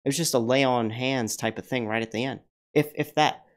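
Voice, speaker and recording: A man's voice: medium pitch, a little fast. Rambling man telling stories on a livestream. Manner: rambling, with frequent restarts and mild swearing; animated, acts out the voices of people in his stories. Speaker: livestream host. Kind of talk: casual livestream storytelling.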